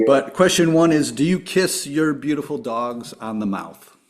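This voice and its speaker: A man hosts a podcast interview, asking questions in a friendly, even manner. His voice sits at an ordinary male pitch. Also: unhurried. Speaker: podcast host.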